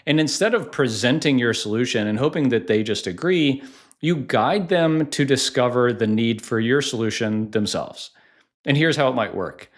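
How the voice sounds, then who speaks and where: A man coaching on sales in a conversational teaching style, acting out sample questions. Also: mid-range voice. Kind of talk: instructional talk to camera.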